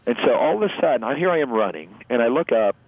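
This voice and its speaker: A man guest earnestly telling a personal story in a halting, emotional way, heard over a phone-like line. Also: mid-range voice, big pitch swings, no room sound. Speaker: interview guest. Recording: phone-like narrow line, dry.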